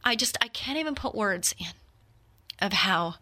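A woman in her fifties talks earnestly about personal matters, her voice bright and ringing. She is reflective and addresses her listeners directly, as a host sharing from the heart. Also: medium pitch, animated, moderate pace. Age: 50s.

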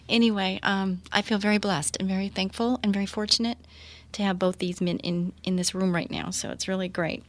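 A woman's voice: medium pitch, flat delivery, fairly quick. A middle-aged woman hosting a faith-based radio talk show, earnest and encouraging, laughing often.

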